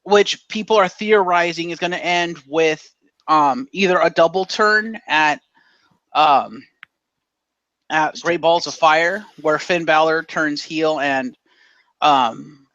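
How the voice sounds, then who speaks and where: Bright, opinionated man arguing wrestling booking. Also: on the high side, slow, dry recording, lo-fi sound. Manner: animated and opinionated, acts out quotes, swears. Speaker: podcast co-host. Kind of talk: casual opinionated chat.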